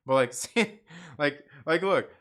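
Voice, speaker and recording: A man with a fairly high voice hosts a live stream from home. He rambles through a casual rant, padding his sentences with fillers, laughing often and swearing freely. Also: lively intonation, takes it slowly, fairly bright tone.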